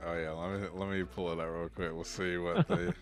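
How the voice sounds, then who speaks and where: A man co-hosting a gaming news show in casual chat, relaxed and rambling, often laughing as he talks. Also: sits low, fairly quick, faint music behind.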